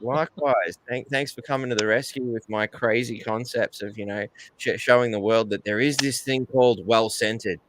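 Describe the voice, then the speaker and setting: A man's voice: mid-range voice, fairly even intonation, moderate pace, background noise. A man with an Australian accent hosting a casual livestream, rambling and greeting viewers in the chat. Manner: rambling, reads out viewer comments, says g'day and mate. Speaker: livestream host.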